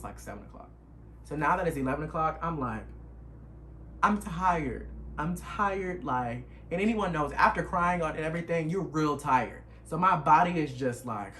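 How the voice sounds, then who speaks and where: Young male vlogger, mid-pitched, animated emotional storyteller, faint noise behind. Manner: animated, emotional retelling with dialect. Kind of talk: casual storytime.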